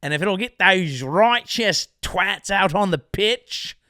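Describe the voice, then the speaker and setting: Casting: young male comic host, sarcastic and profane, rambling riffs, slightly high voice, dry close sound. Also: lively intonation, slow, pushed and bright, no room sound. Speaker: podcast host and comedian. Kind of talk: comedic monologue.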